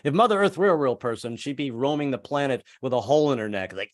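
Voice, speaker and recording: A man's voice: mid-range voice, animated, quick pace, no echo, clean studio sound. Man in his seventies, stand-up comic, rambling self-deprecating jokes, video call from home. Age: 70s. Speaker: stand-up comedian. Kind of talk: stand-up comedy set.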